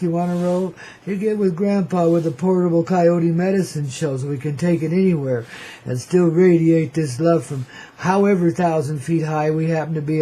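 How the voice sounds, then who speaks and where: A husky man hosts a freewheeling radio monologue, slangy, playful and cosmic. His voice sits a bit high for a man, with a mellow, dark tone. He rambles loosely and keeps calling listeners "baby". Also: low-quality recording. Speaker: radio show host.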